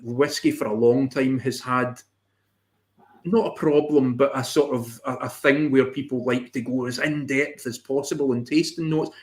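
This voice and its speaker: A man's voice: mid-range voice, steady tone, normal speed. A man co-hosting a casual live chat, talking in a hesitant way with many repeated words. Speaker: co-host.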